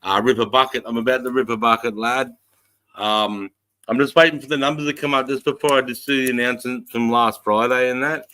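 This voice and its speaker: A man's voice: mid-range voice, steady tone, brisk, sharp tone. A middle-aged Australian man hosting a casual livestream, greeting viewers in a laid-back, sweary way. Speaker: livestream host.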